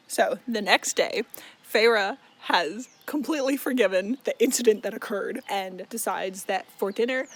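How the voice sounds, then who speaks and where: A man's voice: high voice, moderate pace, slight background noise. A young man recapping a book in casual chat, profane and exasperated, full of fillers. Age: young adult. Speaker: book vlogger.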